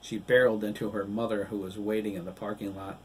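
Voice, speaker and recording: A man, the author, reading his novel aloud as an audiobook in a measured, even storytelling manner. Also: on the low side. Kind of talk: audiobook narration. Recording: distant mic, faint hiss.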